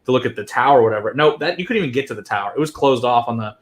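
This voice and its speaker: A man co-hosting a casual chat, telling travel stories in a profane, animated way. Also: mid-range voice, racing. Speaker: whiskey show co-host.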